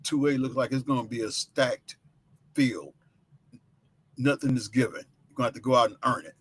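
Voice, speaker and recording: Husky man reading sports rankings. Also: mid-range voice, a bit bright. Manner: brisk list reading with short personal asides. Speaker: sports show host. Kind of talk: reading out high school football rankings.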